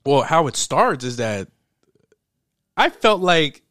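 A man in casual chat, telling a movie plot in an animated way, laughing often and swearing freely. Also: a little high, slow pace, no room sound, clean studio sound.

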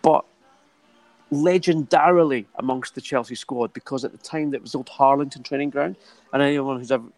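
A man's voice: medium pitch, fairly quick, darkish tone, no echo, poor audio. A man chatting about football in a casual podcast, telling stories with some hesitation. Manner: anecdotal storyteller, hesitant. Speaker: football pundit.

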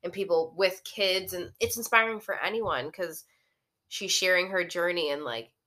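A woman's voice: lowish voice, moderate pace, sharp tone. A woman hosting a podcast, talking in a chatty, playful way with lots of "like" fillers. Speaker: podcast host. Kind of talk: casual podcast chat.

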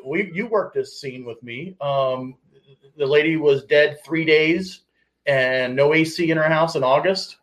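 Santai, pria bersuara agak tinggi. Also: male voice, fairly high pitch, a bit bright, low-quality recording. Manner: easygoing, quick to agree and laugh. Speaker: podcast co-host, police officer. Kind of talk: casual chat.

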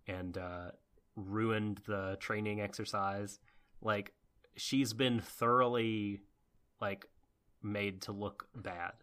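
A man's voice: lowish voice, a bit bright. A man co-hosting a podcast, talking through anime in a rambling, thoughtful way with many fillers. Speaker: podcast co-host. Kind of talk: casual anime review chat.

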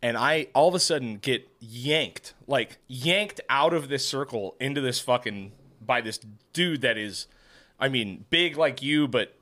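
A middle-aged man hosting a podcast, telling a story in casual chat with lots of swearing and lively energy. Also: medium pitch, unhurried. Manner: profane, animated storyteller. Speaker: podcast host.

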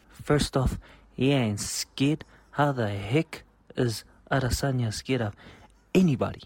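A man's voice: mid-range voice, unhurried, husky, dry recording. A man co-hosting a show, delivering a rambling comic rant full of restarts. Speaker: podcast co-host.

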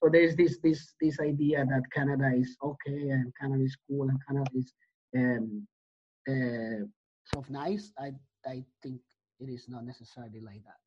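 A man's voice: mid-range voice, steady tone, moderate pace, a little mellow, breathy edge. A man from Colombia, a guest in a casual conversation, telling his experiences earnestly and acting out the exchanges he recalls. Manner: earnest storytelling, acts out quoted exchanges. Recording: dull lo-fi sound.

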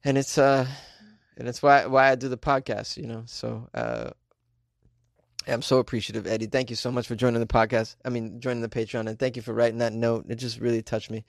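Tipsy comedian hosting a podcast. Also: male voice, mid-range voice, brisk, gravelly, dry recording, studio quality. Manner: jokey, animated, reading listener mail aloud. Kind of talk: casual podcast monologue.

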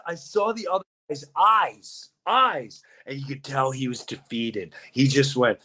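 Animated man telling a story. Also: on the high side, measured pace, hardly any pauses, raised voice, some chatter behind. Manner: animated, acts out voices in his stories. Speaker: podcast host. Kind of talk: casual storytelling chat.

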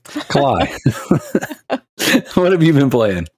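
A man's voice: mid-range voice, takes it slowly, slightly rough, no room sound, clean studio sound. A man in his thirties hosting a podcast, telling funny stories in casual chat with a lot of laughter. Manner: animated, laughing storyteller. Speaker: podcast host.

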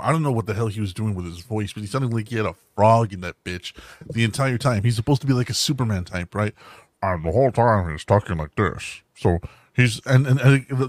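A man's voice: lowish voice, no room sound. A man co-hosting a podcast, joking loosely with a lot of swearing. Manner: profane, joking, mocks voices. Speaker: podcast co-host. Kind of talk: casual podcast chat.

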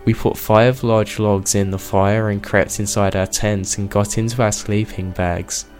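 A man narrating a submitted true scary encounter in a steady, measured storytelling manner. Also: lowish voice. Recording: faint music bed.

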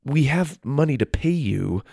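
An earnest young cadet boy who stumbles and hesitates over his words, as a male narrator plays him. He sounds a little higher and brighter than the reader's deep narrating voice. The recording is close and dry. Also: expressive, measured pace, vocal fry, husky, no echo, heavily acted.

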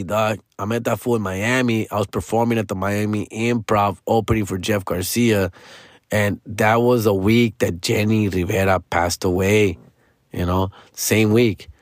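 A man's voice: fairly low pitch, fairly even intonation, a little slow, no room sound, studio quality. A man, telling a rambling personal story in casual slang as a comedian. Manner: slangy, rambling, peppered with "dog" and "fool".

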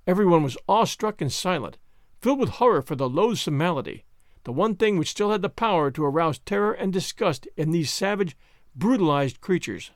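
Lively, dry-voiced male narrator. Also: sits high, brisk, no echo. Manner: expressive, dramatic reading. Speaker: audiobook narrator and podcast host. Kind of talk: scripted narration.

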